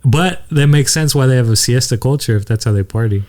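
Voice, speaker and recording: A young man chatting easily on a podcast, spinning a travel story. He slips into other people's voices as he quotes them. His voice sits at an ordinary middle pitch. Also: fairly quick, darkish tone. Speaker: podcast co-host. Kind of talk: casual chat.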